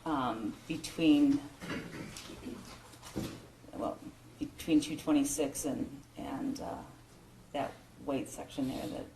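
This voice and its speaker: A school principal testifies as a witness in court, speaking in a low, mellow voice with vocal fry and fairly even intonation. Her account is halting and emotional, packed with restarts and fillers. The courtroom broadcast audio is roomy and echoey, with faint background hiss.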